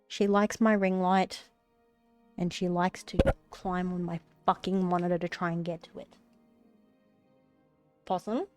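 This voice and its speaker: A woman's voice: on the low side, flat delivery, a little slow, long pauses, a little mellow, smooth, faint music behind. A woman live-streaming while she crochets, chatting casually, swearing at her cat and often dropping to a whisper, a little phlegmy.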